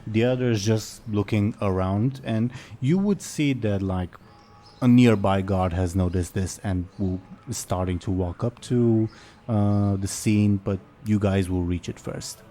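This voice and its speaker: Low, mellow-voiced male game master. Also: unhurried, a little hiss or hum. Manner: rambling, hesitant. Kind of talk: narrating a tabletop game.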